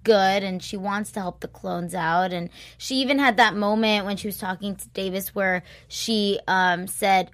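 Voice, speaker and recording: A woman co-hosting a podcast, chatting casually about a show, expressive and exclamatory. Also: mid-range voice, a little slow, few pauses. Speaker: podcast co-host. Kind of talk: casual chat recapping a show.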